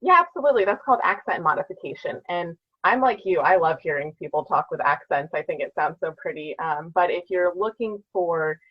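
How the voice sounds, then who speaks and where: A woman speech therapist explaining her work in a casual interview, with a slightly low voice. She is friendly and explanatory and uses lots of fillers. Her audio sounds slightly muffled and lo-fi. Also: lively intonation, fairly quick, few pauses. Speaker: speech-language pathologist guest.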